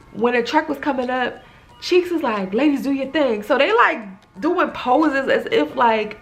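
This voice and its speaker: Sex: woman. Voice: gravelly. Style: casual chat recapping a TV episode. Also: mid-range voice. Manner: chatty, loose retelling full of "like" fillers. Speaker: TV recap reviewer.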